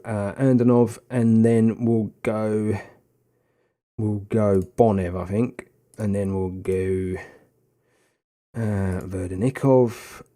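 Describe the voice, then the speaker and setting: Excitable man commentating gameplay. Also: lowish voice. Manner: excitable, shouting at goals, then muttering through tactics. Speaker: gaming video host.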